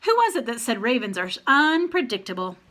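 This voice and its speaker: A woman doing an excited young boy. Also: a little high, brisk. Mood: eager. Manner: excited, exclaiming.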